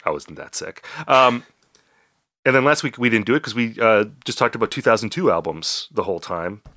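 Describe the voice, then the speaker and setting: A man's voice: lowish voice, expressive, brisk, sharp tone, no echo, clean studio sound. A man co-hosting a casual podcast, joking wryly at his own expense. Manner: wry, self-deprecating humor. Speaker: podcast co-host.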